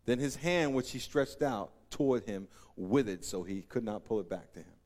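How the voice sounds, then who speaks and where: A man preaching a sermon as pastor, animated, acting out scenes in voices and laughing often. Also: mid-range voice, normal speed. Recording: long reverb of a large hall.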